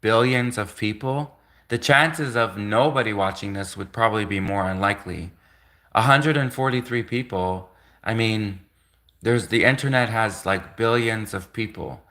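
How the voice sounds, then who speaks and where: Male streamer from Canada, bright tense tone, rambling chat full of fillers. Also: lowish voice, normal speed. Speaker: livestreamer. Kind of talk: casual rambling livestream chat.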